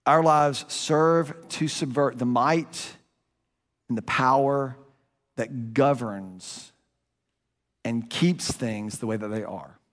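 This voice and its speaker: A pastor delivers a sermon in an easy, conversational way, talking like he's telling a story. His voice sits at an everyday middle pitch, and it climbs high for emphasis then drops low and quiet. The sound carries a long reverb, like a big sanctuary. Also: slow, long pauses. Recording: long reverb of a large room.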